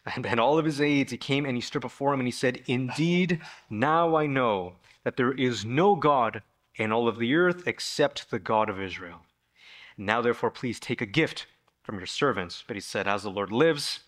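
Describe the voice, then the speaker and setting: A man preaching a sermon in a church, retelling a Bible story in a lively way and raising his voice to act out the people in it. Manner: animated storytelling, acting out the figures with sudden raised pitch. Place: church sanctuary.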